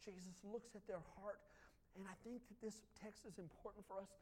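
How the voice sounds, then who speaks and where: A man preaching a sermon as pastor, swinging from hushed lines to loud ones and joking with the congregation. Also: high voice, fairly even intonation, a little fast, slightly rough. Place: church.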